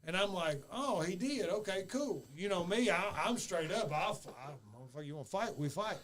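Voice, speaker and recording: A man's voice: high-pitched, lively intonation, brisk, fairly bright tone. A man, a former wrestler, trading profane stories in casual chat and acting out the voices of the people in them. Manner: profane, laughing storyteller who acts out voices.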